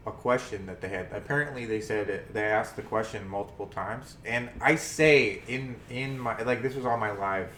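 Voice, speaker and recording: A man's voice: on the low side, moderate pace, hardly any pauses, bright, forceful tone. A man in a mid-range voice co-hosts a podcast, telling stories in a hesitant way and restarting his sentences. The room sounds echoey, with a faint hiss of noise behind him. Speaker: co-host. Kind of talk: casual chat.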